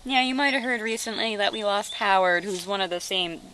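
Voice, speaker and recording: A young woman who cares for animals at a sanctuary gives a casual, filler-heavy educational talk on a live stream. She keeps breaking off to coo at the turkeys in a high sing-song. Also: a little fast, background noise. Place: garden house at an animal sanctuary.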